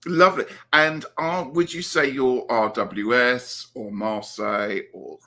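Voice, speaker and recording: A man's voice: mid-range voice, steady tone, measured pace, sharp tone. A man hosting a casual interview, speaking in an enthusiastic, effusive way. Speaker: host.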